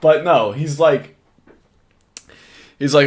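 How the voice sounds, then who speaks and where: A man's voice: medium pitch, lively intonation, moderate pace. A man giving casual, profane reaction commentary on a video clip, laughing often and mocking what he watches. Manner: casual, laughing often, profane, repeats clips in mock voices. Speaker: commentary host.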